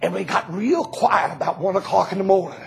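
A man preaching at full tilt, his voice very high and gravelly. He tells his stories with a laugh running through them, rising to ringing shouts and dropping to near whispers. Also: fairly quick. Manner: animated storytelling preaching, swings from shouting to hushed. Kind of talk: sermon.

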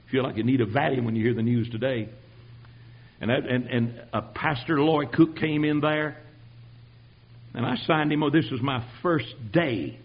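An older man preaching his own testimony, telling it dramatically and swinging from hushed tones to shouting. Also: mid-range voice, husky, dull audio. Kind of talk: sermon testimony.

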